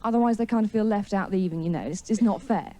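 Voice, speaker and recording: Heavy background noise surrounds a woman doing stand-up in a TV studio for a live audience. At a medium pitch and very fast, she tells a story with wry, chatty self-mockery and pokes fun at the crowd.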